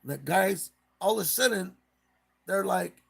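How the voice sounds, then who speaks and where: A man's voice: high-pitched, expressive, measured pace, gravelly, slightly rough. A man hosting a live stream, casually retelling a case in a rambling way and acting out the quotes.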